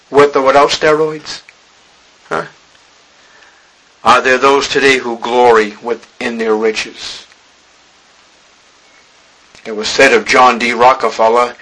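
A man's voice: mid-range voice, fairly even intonation, moderate pace, bright, forceful tone, poor audio. A man preaching a sermon to a church congregation, pleading with his listeners and building to emphatic exhortation.

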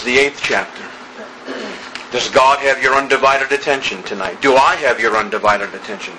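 A man preaching an evening sermon, slow and emphatic, building through repeated phrases. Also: medium pitch, sharp tone, a little hiss or hum, poor audio.

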